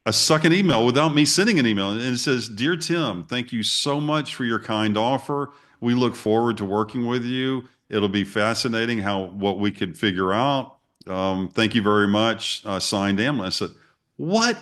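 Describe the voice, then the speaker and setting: Brief: middle-aged male guest, lower voice, animated storyteller who plays out the emails and his reactions. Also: normal speed, few pauses. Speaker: interview guest. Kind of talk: casual storytelling.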